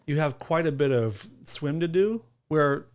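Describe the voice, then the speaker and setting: Man co-host, loose rambling chat, dark jokes, some swearing. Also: a little high, expressive, a little slow, smooth. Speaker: podcast co-host. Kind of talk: casual chat.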